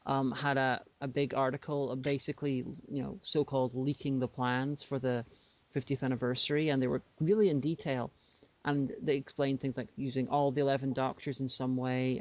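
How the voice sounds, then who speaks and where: A man's voice: medium pitch, a little mellow. A man co-hosting a podcast, explaining things in a rambling casual way with many restarts. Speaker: podcast co-host. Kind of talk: casual chat. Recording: dull lo-fi podcast audio.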